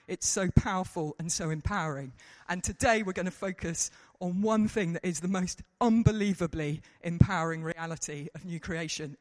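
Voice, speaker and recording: A man preaching a lively sermon to a congregation, joking at his own expense. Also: on the high side. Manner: lively, self-mocking, mimics people in quotes. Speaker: pastor. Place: church hall. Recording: reverberant hall.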